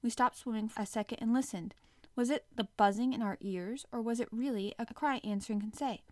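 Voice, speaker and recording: A woman reads a classic adventure novel aloud in the first person, with an expressive, dramatic delivery. Her voice sits slightly high. The recording is dry and close, with no room sound. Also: fairly quick, no room sound. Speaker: audiobook narrator.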